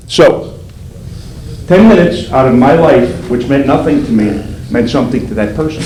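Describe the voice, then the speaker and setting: An older man, a federal agent, speaks at normal speed with medium pitch while telling police recruits a story. He plays out the quoted voices with animated energy. The audio has a hall's roominess and a faint layer of background noise.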